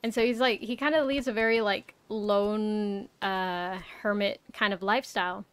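Smooth-voiced young woman streamer, rambling. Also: mid-range voice, steady tone, moderate pace, no room sound. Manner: rambling, swears a lot, many "like" fillers. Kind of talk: casual live-stream chat.

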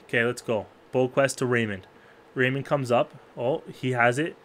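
Man shouting hockey game commentary. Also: normal speed. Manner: jumps to loud, high-pitched yelling at big plays, then drops to low mutters; talks to the players on screen. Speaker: gaming YouTuber. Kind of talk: excited play-by-play commentary over a hockey video game.

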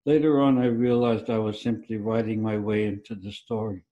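A man's voice: on the low side, steady tone, normal speed, lo-fi sound. A man, an author, giving a wry, conversational reading of his own story at a literary festival.

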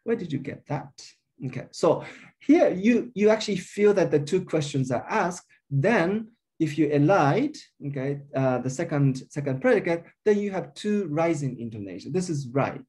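A man with as his delivers an academic linguistics lecture in a mellow, slightly raised voice. His pitch rises and falls a lot as he explains each point step by step. He fills his pauses with frequent uh and um. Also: lively intonation. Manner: explanatory, thinking aloud with frequent uh and um.

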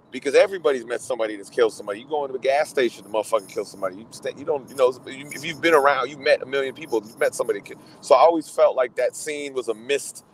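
A man hosts a radio show over a remote call, chatting casually about movies. He gets excitable, often repeats himself and trails off mid-thought. His voice is medium-pitched, with slight background noise and poor audio.

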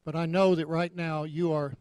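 A man with a Texas accent preaches to a congregation in a folksy, joking way, hot and sweating as he goes. His voice sits a little higher than most men's. The sound is close and dry, with little room in it. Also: little pitch movement, moderate pace, darkish tone, clean tone, no room sound. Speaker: visiting minister. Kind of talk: sermon and offering appeal.

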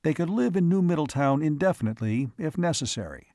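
A man's voice: mid-range voice, expressive, fairly quick, few pauses, a little mellow, no room sound. Man reading an audiobook, dry sound. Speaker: narrator. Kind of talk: audiobook narration.

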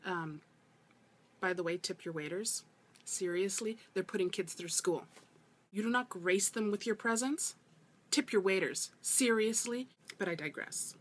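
A woman's voice: medium pitch, unhurried. A woman with a mid-range voice talks straight to camera in a casual vlog rant. She sounds exasperated and emphatic, hammering her points home by repeating them. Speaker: vlogger.

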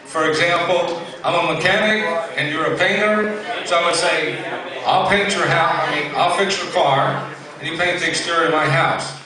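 A man's voice: fairly high pitch, normal speed, recorded from a distance, a crowd in the background. Folksy man telling jokes in an echoey room. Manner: folksy, drawling storyteller with fillers. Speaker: stand-up comedian. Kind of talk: live stand-up joke telling. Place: live venue with audience.

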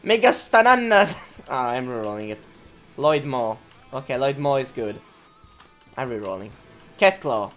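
A young woman commentating her own video game run, laughing often, swearing and reacting loudly. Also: rumbling low, unhurried, long pauses, soft background music. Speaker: gameplay commentator. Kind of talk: let's play commentary.

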